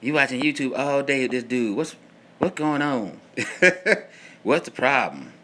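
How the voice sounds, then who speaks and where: A man's voice: medium pitch, lively intonation, unhurried, background noise, pitched above the performer's own voice, natural voice. A man mimicking a wife nagging her husband about watching videos all day, in a raised, mocking voice.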